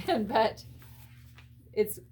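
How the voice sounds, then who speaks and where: A woman teaching a children's Bible lesson, telling the story in an animated, expressive way and asking the listeners questions. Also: on the high side, very slow.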